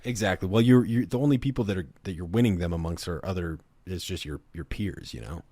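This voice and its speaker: A man's voice: deep voice, fast talker, warm tone, slightly rough, no room sound. A man co-hosting a casual podcast chat, blunt and profane, arguing the other side. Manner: blunt, swears freely, argues devil's advocate. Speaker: podcast co-host.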